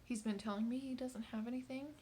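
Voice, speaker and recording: A mother in her thirties recounts a hard evening with her son in a personal video diary, speaking softly and haltingly, often nearly whispering and sometimes tearful. Her voice is on the high side with fairly even intonation, and there is slight background noise.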